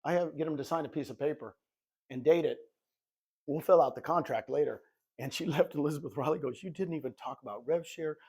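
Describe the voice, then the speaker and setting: With a higher voice carrying a breathy edge, a man in his sixties presents live to real estate agents as their coach. He describes himself as a goofball and brings his stories to life by acting out the dialogue.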